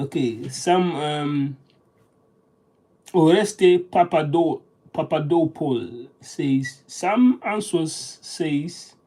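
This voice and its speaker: Slow, mellow, halting thinking-aloud voice. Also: mid-range voice, creaky, husky, rough recording. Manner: halting, with frequent restarts and sounding out words. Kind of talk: casual solo monologue, reading aloud and practicing vocabulary.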